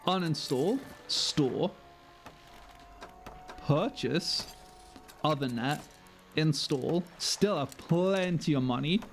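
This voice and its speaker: A man's voice: a little high, vocal fry. A man streaming a game live, chatting with viewers, sweary and self-mocking. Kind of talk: live gameplay commentary.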